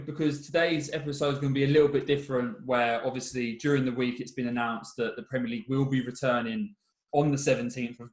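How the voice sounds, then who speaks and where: A man from England co-hosting a casual football podcast, chatty and quick to laugh at himself. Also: medium pitch, echoey room. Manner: chatty, laughs often, self-mocking. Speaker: podcast co-host. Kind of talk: casual chat.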